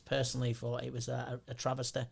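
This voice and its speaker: A man's voice: medium pitch, completely flat delivery, fast, creaky. A man talking bluntly as a podcast guest, swearing freely and restarting his sentences in casual chat. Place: podcast studio.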